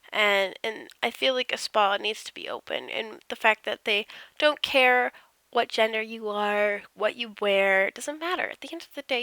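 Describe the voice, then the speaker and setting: A woman's voice: on the high side, vocal fry, bright, forceful tone, no echo. A woman casually narrating over her game build, rambling and self-deprecating, yawning as she goes. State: tired, yawning.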